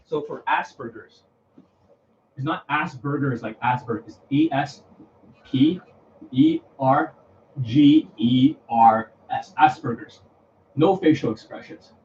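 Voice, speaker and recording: A man's voice: medium pitch, slow, pauses often, a little mellow, dull audio, a little hiss or hum. A man talking casually to camera as a dating coach, blunt and repetitive, lecturing in a home video. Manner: blunt, repetitive, lecturing, swears under his breath.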